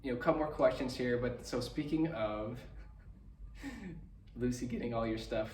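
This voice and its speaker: A man's voice: medium pitch, moderate pace, darkish tone, slight background noise. Man, podcast host, rambling storyteller; distant mic in an echoey room. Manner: rambling storyteller, laughs often. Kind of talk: casual chat.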